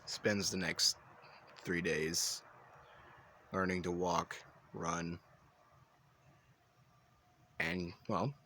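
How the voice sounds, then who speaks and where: A man's voice: low voice, little pitch movement, extremely slow, pauses often, sharp tone, a little hiss or hum. A man telling an improvised fan story in a casual, rambling way, with restarts and side remarks.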